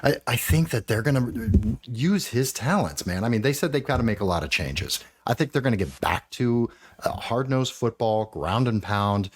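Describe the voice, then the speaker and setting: A man hosting a fantasy football podcast, talking in animated, rambling casual chat with the odd swear. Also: medium pitch, normal speed, few pauses, breathy edge.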